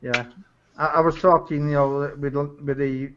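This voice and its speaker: Excitable Salford man on a muffled line. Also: a little high, measured pace, slight background noise. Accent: Salford, England. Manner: excitable, cuts in on others. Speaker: co-host. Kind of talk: casual live-stream chat.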